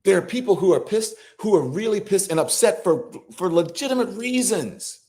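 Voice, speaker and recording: A middle-aged male host delivering live political commentary with a lively, swooping delivery. His pitch sits a little above average for a man. He scolds and sounds incredulous, cursing freely as he presses his points. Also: normal speed.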